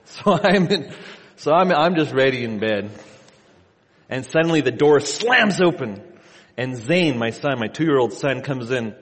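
A man in his thirties preaching a sermon in a church sanctuary, telling a relaxed story and often repeating himself. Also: mid-range voice, a little slow, big-room sound. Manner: conversational storytelling, repeats words. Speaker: pastor.

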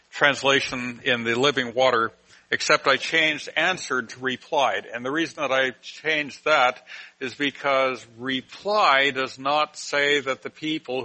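A man teaching a Bible class, explaining a passage slowly and deliberately with frequent pauses. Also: medium pitch, pushed and bright, poor audio.

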